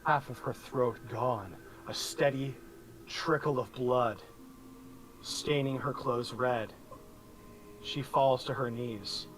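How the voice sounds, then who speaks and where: A man narrating a tabletop game as game master, in slow, ominous descriptive narration. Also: medium pitch, fairly bright tone.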